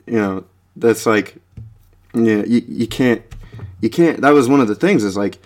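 A young man with a lowish voice talks through a podcast in a loose, rambling way, stacking fillers and laughing mid-sentence. Now and then he jumps into a high mocking voice to imitate people. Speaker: podcast host. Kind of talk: rambling casual podcast chat.

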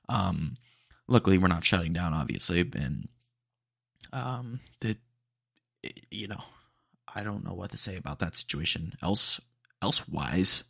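Gravelly laid-back male podcast host. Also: low voice, expressive, measured pace, pauses often, fairly bright tone, no room sound, studio quality. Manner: rambling, filler-heavy, laid-back slang. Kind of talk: casual rambling chat.

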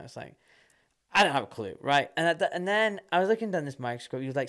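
Animated man telling stories. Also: mid-range voice, a little fast, gravelly. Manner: animated, laughs often, swears casually. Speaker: guest, surgeon. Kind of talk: casual storytelling.

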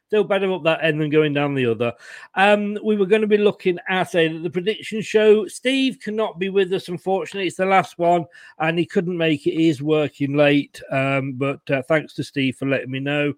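Jokey bloke hosting a fan show, highish voice, dead dry sound. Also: male voice, normal speed, no echo. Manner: jokey, laughs often, teasing. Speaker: host. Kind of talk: casual chat.

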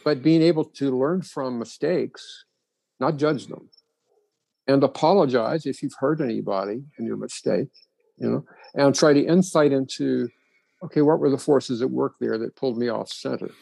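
A man's voice: mid-range voice, moderate pace, gravelly, warm tone, husky, no echo, low-quality recording. A man explaining ideas thoughtfully in a reflective conversation.

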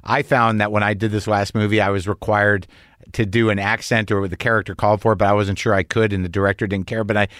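A man's voice: lowish voice, level tone, fast talker, a bit bright, no room sound, clean studio sound. A man hosting a podcast interview, chatty and joking, with blunt, casual swearing. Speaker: podcast host.

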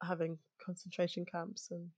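A woman chatting as a podcast co-host, wry and measured with dry humor. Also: on the low side, completely flat delivery, darkish tone, no room sound. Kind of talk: casual chat.

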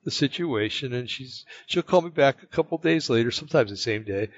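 A man from the United States telling a personal story in casual chat, rambling and halting, with many fillers and restarts. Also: medium pitch, expressive, dry recording. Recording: dull lo-fi, dry sound.

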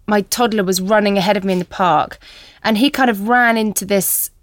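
A woman in her thirties hosting a podcast, telling animated stories and acting out quotes in casual chat. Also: mid-range voice, a little fast, no room sound. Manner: animated storyteller, acts out quotes. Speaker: podcast host.

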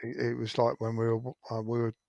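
Male co-host, hesitant and halting, ordinary pitch, dry sound. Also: completely flat delivery, creaky, a little mellow, no echo, lo-fi sound. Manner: hesitant, halting, with many restarts. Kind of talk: casual chat.

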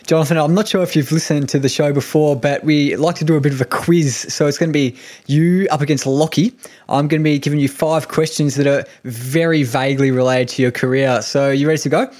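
A man with an Australian accent hosting a podcast interview, relaxed and a little hesitant, with frequent fillers. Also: on the high side, brisk. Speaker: podcast host.

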